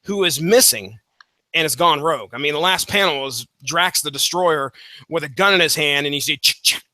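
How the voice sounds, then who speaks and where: A man's voice: a little high, normal speed, bright, forceful tone, no room sound. A man hosting a comics podcast, talking in a laid-back, casual way. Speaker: podcast host.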